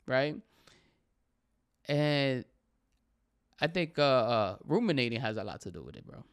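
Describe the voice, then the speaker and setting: On his own podcast, a comedian in his thirties delivers a candid monologue about his feelings, rambling and reflective. His medium-pitched voice is expressive, at a measured pace with frequent pauses.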